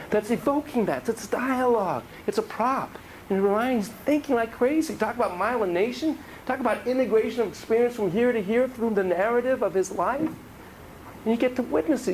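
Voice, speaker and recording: A man's voice: high-pitched, darkish tone, slight background noise, poor audio. A man giving a casual, joking lecture on child psychotherapy to a class, acting out dialogue in different voices.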